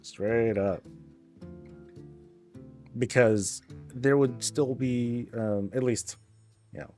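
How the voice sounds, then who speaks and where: A man's voice: medium pitch, fairly even intonation, extremely slow, mellow, soft background music. A man streaming, chatting casually, rambling and joking, swearing freely. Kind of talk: casual chat.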